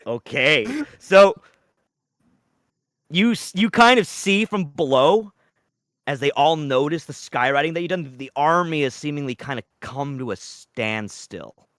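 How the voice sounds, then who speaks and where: Animated, bright game master man. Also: on the high side, unhurried, no room sound, clean studio sound. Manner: swearing, laughing, lively storytelling. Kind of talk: narrating a live tabletop game.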